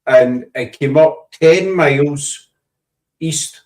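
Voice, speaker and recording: A man's voice: a little high, slow, darkish tone, far from the mic. Glaswegian man, chatty, in an echoey room. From Scotland. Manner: chatty, rambling, jokey. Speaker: paranormal show host. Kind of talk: casual chat.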